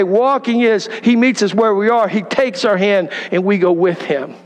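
A man's voice: sits high, a little slow, hardly any pauses, big-room sound. A middle-aged man preaching a sermon, telling stories and asking the congregation questions. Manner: conversational storytelling preaching with rhetorical questions. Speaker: pastor. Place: church sanctuary.

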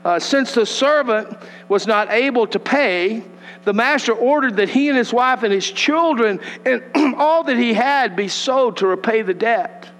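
A man preaching a sermon, animated and folksy, acting out the voices of the scripture passages. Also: extremely high pitch, a little slow, faint music behind. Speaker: pastor. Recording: long hall reverb with mains hum.

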